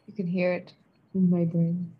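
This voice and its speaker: A woman's voice: on the low side, slightly rough, muffled recording. Playful boastful woman in casual chat. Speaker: co-host.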